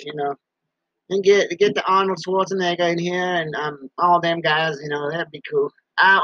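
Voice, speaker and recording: A man's voice: high voice, pushed and bright, dry recording. A man hosting his own show from a basement, rambling casually, repeating himself and talking about himself in the third person. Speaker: podcast host. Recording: dull muffled sound.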